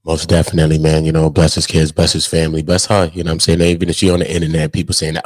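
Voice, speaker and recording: A man's voice: very deep voice, little pitch movement, very fast, few pauses, dry recording. A man commenting on a call he has just played, in a laid-back way with repeated "you know what I mean". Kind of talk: casual reaction commentary.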